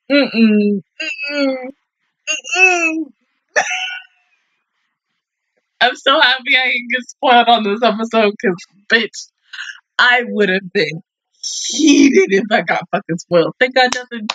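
A woman's voice: a little high, takes it slowly, pauses often, a bit bright, no room sound, rough recording. A young woman reacting to an anime episode, swearing, exclaiming and laughing often. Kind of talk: casual reaction commentary.

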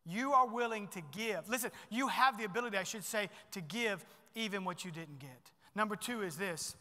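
A middle-aged pastor preaching a sermon in a church, animated and swinging between loud bursts and hushed asides. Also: male voice, sits high, moderate pace, big-room sound.

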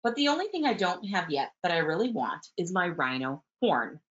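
A woman's voice: on the low side, very animated, normal speed. A teacher reading a picture book aloud, voicing a small female bulldog who insists she is a rhinoceros. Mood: proud, dreamy. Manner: bright, proud storybook read-aloud voice. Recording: muffled webinar audio.

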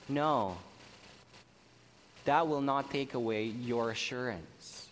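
A man preaching a sermon as pastor, slow and emphatic, stressing key words. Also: mid-range voice, a little hiss or hum. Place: church sanctuary. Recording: church hall reverb, faint ambience.

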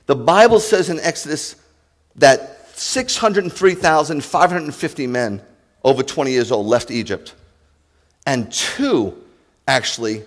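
A male rabbi preaching a sermon to his congregation, impassioned, swinging from loud declarations to hushed asides. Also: medium pitch, big-room sound. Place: congregation sanctuary.

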